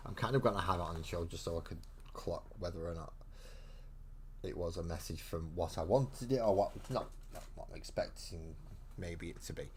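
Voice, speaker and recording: Low-voiced man rambling through a live stream. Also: fairly quick, darkish tone, slight background noise. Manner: rambling, thinks aloud with frequent restarts. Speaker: host of a live miniature-painting stream. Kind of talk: casual live-stream chat.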